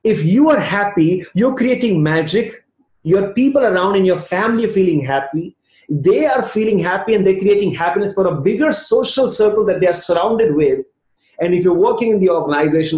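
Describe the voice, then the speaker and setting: Indian male trainer, motivational storyteller, higher pitch, roomy echo. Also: a little mellow. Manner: storytelling, acting out both sides of a dialogue. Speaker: leadership trainer. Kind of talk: motivational talk.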